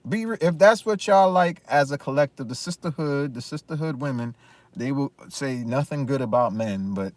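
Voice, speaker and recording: A man's voice: medium pitch, lively intonation, normal speed, dry recording. A man in a casual opinion rant, talking emphatically with many restarts and repeated phrases. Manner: emphatic, repetitive, frequent restarts. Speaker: commentary vlogger.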